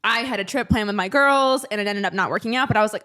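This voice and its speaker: A woman's voice: mid-range voice, fast talker, sharp tone. A woman in her twenties, a podcast guest chatting casually, rambling with lots of fillers and trailing off. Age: 20s. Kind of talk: casual chat.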